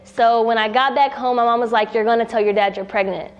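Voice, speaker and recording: A woman's voice: a little high, fairly even intonation, quick pace, muffled recording, soft background music. A young woman telling a personal story casually in a documentary interview, acting out what people said. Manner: casual, acts out quoted dialogue with a rising voice.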